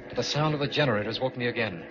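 A man's voice: mid-range voice, racing. A man narrating in the first person with a tense, haunted delivery, in an old-time radio drama. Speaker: narrator and lead. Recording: muffled old radio recording with music.

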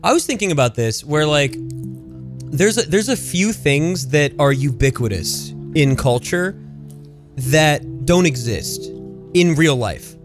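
A man co-hosting a podcast in casual chat, rambling with halting restarts and acting out quoted voices. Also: fairly high pitch, lively intonation, music in the background. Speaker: podcast co-host.

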